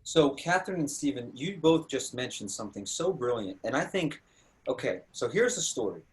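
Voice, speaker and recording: A man's voice: mid-range voice, moderate pace. A man hosting a panel discussion, telling stories with energy and acting out quoted dialogue. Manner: animated storytelling, acts out quoted dialogue. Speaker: host.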